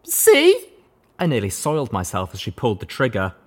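A man narrating an audiobook in an expressive storytelling manner. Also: lowish voice, quick pace, slightly rough.

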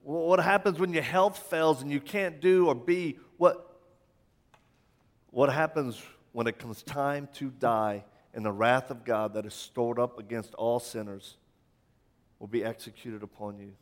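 Impassioned preacher in a reverberant church. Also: male voice, medium pitch, unhurried. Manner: impassioned with rhetorical questions and stammered restarts. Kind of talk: sermon. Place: church sanctuary. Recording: long church hall reverb.

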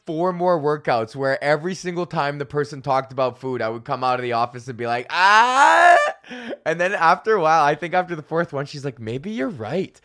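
A man hosting a solo comedic podcast, ranting with plenty of swearing. His voice sits a bit high for a man, and he swings from loud bursts down to quick mutters. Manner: profane, excitable, swings between loud outbursts and mumbles. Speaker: podcast host.

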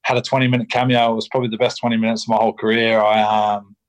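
A young Australian man talks in a low, fairly flat voice, speaking candidly as a podcast guest. He is casual and blunt, swears freely, and fills his sentences with ums and restarts. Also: very fast, poor audio. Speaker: rugby league player, podcast guest. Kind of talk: candid interview chat.

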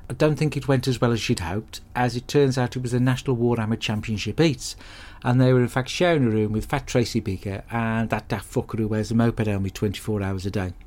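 An actor playing a hapless, crude bloke who rambles through a comic monologue in a deadpan, sweary way. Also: male voice, medium pitch, brisk, hardly any pauses, lightly acted. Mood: grumbling. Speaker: comedy podcast character host.

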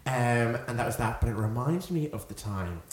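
A young man in his twenties, a podcast co-host, telling an animated story in casual chat, often laughing and acting out quotes. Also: medium pitch, moderate pace. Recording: echoey room with faint noise.

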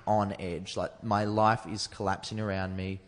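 A man's voice: fairly low pitch, flat delivery, a little slow, long reverb tail. An Australian man, a comedian, telling a personal story in a candid, rambling way and swearing freely. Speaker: comedian guest. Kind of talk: candid storytelling in casual chat.

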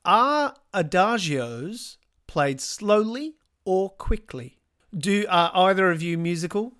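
A woman hosts a podcast quiz, reading out the questions and then unpacking each answer. Her voice sits somewhat low. Her delivery is measured and explanatory. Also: lively intonation, a bit bright, clean tone. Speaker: quiz host.

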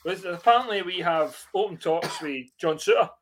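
Bright-voiced man chatting football. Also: high-pitched, a little hiss or hum. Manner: laughs often, talks in quick bursts. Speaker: podcast host. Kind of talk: casual football chat.

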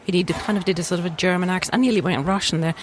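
A woman's voice: lowish voice, very fast, slight background noise. A woman co-hosting a casual podcast chat, hesitant with ums and dry teasing. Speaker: podcast co-host.

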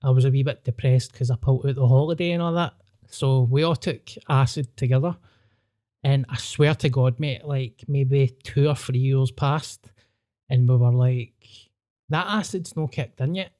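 A Scottish man with a Glaswegian accent, hosting a podcast and telling a wild story in an animated, sweary way, acting out voices. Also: medium pitch, normal speed. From Scotland. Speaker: podcast host. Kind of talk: casual storytelling chat.

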